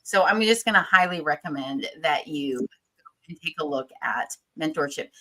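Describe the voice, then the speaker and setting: A woman's voice: low voice, expressive, normal speed, fairly bright tone, rough recording. A woman hosting a livestream interview, enthusiastic and gushing about her guest. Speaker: livestream host.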